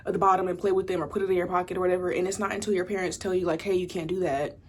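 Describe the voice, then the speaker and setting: A woman's voice: lowish voice, level tone, rapid-fire, a little hiss or hum. A young woman from the States, giving a casual pick-a-card tarot reading in a chatty, rambling way full of "like" and "you know". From Southern United States. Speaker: tarot reader.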